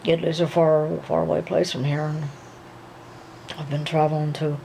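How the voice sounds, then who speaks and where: Woman as a young male dancer: low, mellow, hesitant, soothing. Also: little pitch movement, vocal fry, slight background noise, low-quality recording. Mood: gentle. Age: young adult. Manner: slow, soothing, hesitant with many ums. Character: young adult male dancer, gentle and reassuring.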